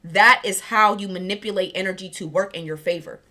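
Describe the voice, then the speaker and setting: A woman giving a casual spiritual reading, chatty and excited, tripping over her words, with a scratchy throat. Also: mid-range voice, fairly quick. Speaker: tarot reader. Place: warm room at home.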